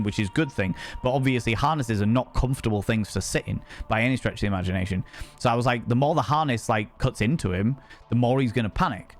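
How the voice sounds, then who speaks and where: A man telling a story on a casual chat stream, animated and swearing freely, acting out what people said. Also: mid-range voice. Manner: animated, swears freely, acts out quoted speech.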